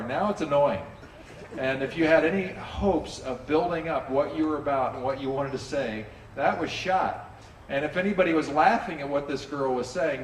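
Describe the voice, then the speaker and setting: A pastor preaches to a congregation in a church sanctuary, relaxed and conversational, often inviting listeners to join in and dropping in playful character asides. His animated voice is a little high, recorded from a distant mic in a roomy hall with faint ambience and slight background noise.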